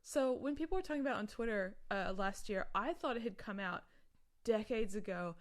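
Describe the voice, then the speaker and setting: A woman talking casually about a movie on a podcast, her voice at an ordinary middle pitch. She rambles along, circling back and restarting her thoughts as she goes. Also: brisk. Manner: rambling, chatty, many restarts and likes. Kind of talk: casual film podcast chat.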